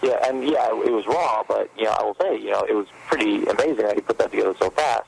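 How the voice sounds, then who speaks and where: A man, a fan filmmaker guest, telling stories in a rambling, animated way during a casual interview, with a gravelly voice. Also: on the low side, quick pace, low-quality recording.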